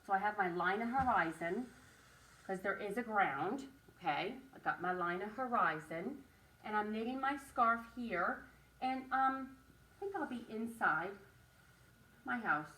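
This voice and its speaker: A woman teaching a writing and drawing lesson to young children, speaking slowly and encouragingly and stressing each word. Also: mid-range voice, expressive, pushed and bright, distant mic.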